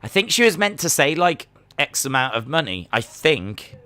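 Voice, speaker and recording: A man's voice: fairly high pitch, big pitch swings, normal speed, pushed and bright. A man hosting a live watch-along stream, musing casually with lots of fillers and restarts. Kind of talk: live reaction commentary.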